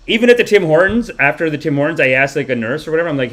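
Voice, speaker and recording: A man hosting a live comedy podcast, telling a rambling story in an animated way, swearing freely and acting out the people he describes. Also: mid-range voice, very fast. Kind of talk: rambling comic monologue on a live stream.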